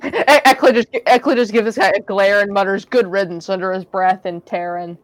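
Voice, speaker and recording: Female player, middle pitch, dry close sound, joking casual delivery. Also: steady tone, brisk, no echo, poor audio. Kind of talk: casual tabletop play.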